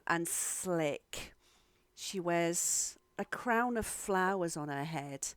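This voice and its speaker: A woman's voice: fairly low pitch, smooth, no echo. A woman narrating a tabletop game as game master, describing scenes and chatting casually over an online call.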